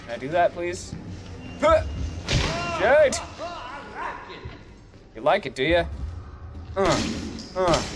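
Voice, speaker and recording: A man giving excitable let's play commentary, swearing and yelling at enemies as he plays. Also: high voice, takes it slowly, pauses often. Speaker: gamer.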